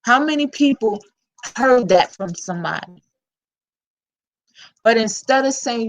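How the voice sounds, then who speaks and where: A woman's voice: fairly low pitch, moderate pace, poor audio. A woman with a New York accent hosting her own vlog, talking bluntly and candidly in casual slang-filled commentary. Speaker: channel host.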